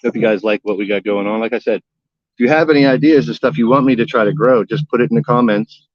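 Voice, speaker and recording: A man's voice: mid-range voice, fast, no room sound, lo-fi sound. A man hosting a casual gardening livestream from his backyard, talking in a folksy, rambling way and cracking jokes with old sayings. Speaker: gardening vlogger and livestream host. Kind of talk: casual live-stream chat.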